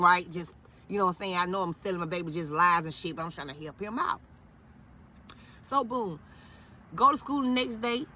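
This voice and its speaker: Speaking in a mid-range voice that's bright and a touch tense, a woman in her thirties spins an animated, foul-mouthed anecdote in a casual way. Whenever she quotes someone, which is often, she performs the line. There's a faint hiss under the audio.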